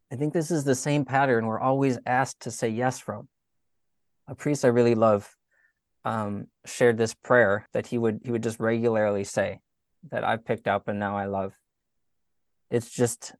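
A man talks through a spiritual reflection in an earnest, conversational way, at a middle pitch. The recording is dry and close, with no room echo. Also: steady tone, normal speed. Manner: earnest, conversational, with soft laughs. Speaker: speaker giving faith reflections.

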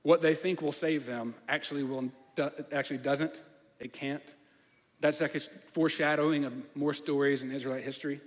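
Guy preaching a sermon, pretty high voice, asks lots of questions, long hall echo behind him. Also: steady tone, brisk. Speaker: pastor.

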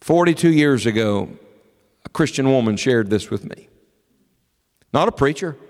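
A man's voice: mid-range voice, lively intonation, moderate pace, darkish tone. Preaching man in a reverberant sanctuary. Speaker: pastor. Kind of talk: sermon.

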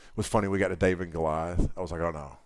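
A middle-aged male camp speaker with a lowish voice tells a story to a young crowd, acting out each exchange. He swings from loud bursts to hushed lines. The sound is dry and close. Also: steady tone, racing, no echo. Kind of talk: youth camp sermon storytelling.

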